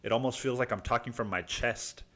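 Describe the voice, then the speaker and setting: A man's voice: medium pitch, brisk, a bit bright. A man from Mexico hosting a solo podcast, rambling casually, swearing a lot and calling the listener dude. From Cancun, Mexico. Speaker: podcast host.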